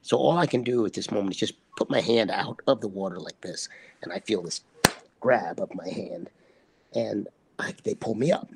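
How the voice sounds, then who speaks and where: A man, an actor guest, telling a set story in conversation as an animated storyteller who acts out the quotes. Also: on the low side, normal speed, gravelly, background noise.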